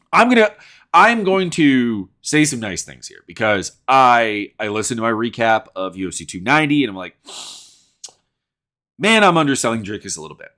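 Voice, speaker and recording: A man hosting his own show, talking through his opinions in a loose, rambling way. His voice sits at an ordinary pitch but swings up and down freely, and he stumbles, restarts and fills gaps with "like" as he builds his points. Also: bright, forceful tone. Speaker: podcast host. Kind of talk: casual commentary.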